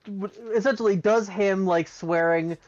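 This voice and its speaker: A woman's voice: mid-range voice, a little slow, a little mellow. A woman player in a tabletop game, searching for her words as she asks questions, heard through a dull lo-fi recording. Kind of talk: casual tabletop game talk. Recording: dull lo-fi sound.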